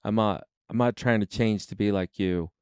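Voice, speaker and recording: A man's voice: fairly low pitch, normal speed, smooth, no echo, clean studio sound. A man in his forties hosting a podcast, telling stories in casual chat with swearing and acted-out quotes. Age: 40s. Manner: animated, swearing, acts out quotes. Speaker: podcast host.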